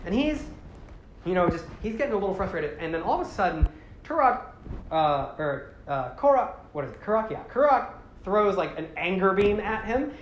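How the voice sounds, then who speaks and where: A man's voice: high voice, big pitch swings, moderate pace. A man casually recapping a story, rambling with lots of fillers and correcting himself as he goes. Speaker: show host. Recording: roomy with faint background noise.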